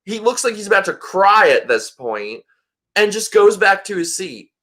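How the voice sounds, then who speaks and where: A man hosting a casual live chat, bright and fairly high-voiced. He tells stories in an animated way and swears freely. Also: normal speed. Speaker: host.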